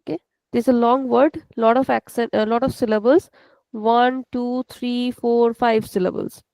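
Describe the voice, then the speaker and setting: A woman's voice: a little high, fairly even intonation, normal speed, dark tone, no echo, rough recording. Patient Indian woman teaching over video call. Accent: Indian English. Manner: patient, explains step by step and corrects students. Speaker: language teacher. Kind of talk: online class teaching.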